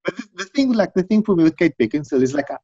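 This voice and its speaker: A middle-aged man in casual chat, telling long rambling stories and acting out quotes in high voices. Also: sing-song, very fast, dark tone, no room sound. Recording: dull dry recording.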